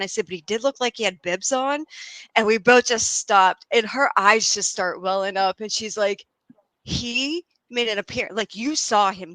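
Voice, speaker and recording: A woman's voice: fairly high pitch, no room sound. A woman guest on a video call, animatedly telling a story with lots of fillers. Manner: animated, chatty with many fillers. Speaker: guest medium.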